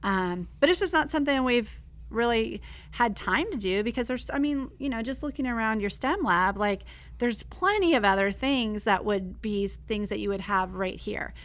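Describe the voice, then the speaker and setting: A woman's voice: a little high, lively intonation, normal speed, fairly bright tone. A female teacher and co-host. She chats casually and supportively, with lots of fillers. She is recorded in a school STEM lab. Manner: chatty, supportive, full of fillers. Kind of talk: casual chat.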